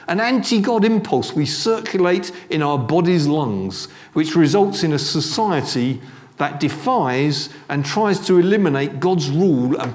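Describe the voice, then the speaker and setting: A man's voice: fairly high pitch, darkish tone. A middle-aged man giving a sermon in a church, talking conversationally with restarts and asides. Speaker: preacher.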